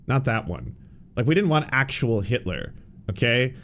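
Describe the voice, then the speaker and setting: Brief: male commentary host, mid-pitched, swears freely, sarcastic riffing. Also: very animated, normal speed, slight background noise. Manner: sarcastic, profane, rambling. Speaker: podcast host. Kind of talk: political commentary.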